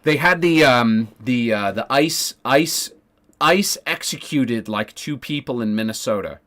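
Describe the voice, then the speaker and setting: A man's voice: mid-range voice, animated, unhurried, fairly bright tone. A man streaming casually, ranting sarcastically with lots of swearing, fillers and restarts. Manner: profane, sarcastic, rambling with many fillers.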